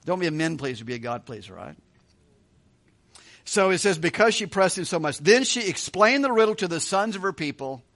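A man's voice: high voice, very animated, brisk, fairly bright tone. A man preaching verse by verse through a Bible passage, reading aloud and adding casual, joking asides. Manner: conversational, joking asides, chuckles often. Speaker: pastor.

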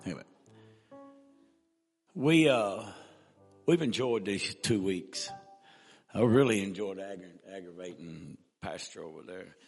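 A male evangelist telling a humorous story in a sermon, folksy and animated. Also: deep voice, a little slow, vocal fry, long pauses, breathy edge, soft background music. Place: church. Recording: echoey church hall.

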